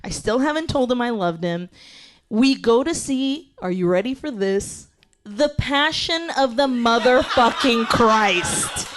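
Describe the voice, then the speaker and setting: Woman, fairly high pitch, live storyteller, comedic, animated, salty language. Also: unhurried, background noise. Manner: animated, profane, laughing through the telling. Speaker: guest storyteller at a live podcast show.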